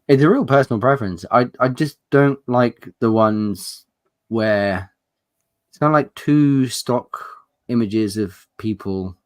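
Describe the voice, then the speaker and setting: A man's voice: mid-range voice, a little slow, no echo. British guy chatting about book covers, bit hesitant, swears, dry close sound. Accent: British English. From England. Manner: hesitant, self-deprecating, swears. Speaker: podcast guest. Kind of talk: casual livestream chat.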